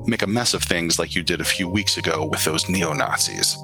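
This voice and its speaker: A man plays a vampire sheriff in a tabletop game, deep-voiced and icily threatening. He measures every word slowly over steady background music. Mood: condescending. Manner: slow, deliberate, coldly menacing.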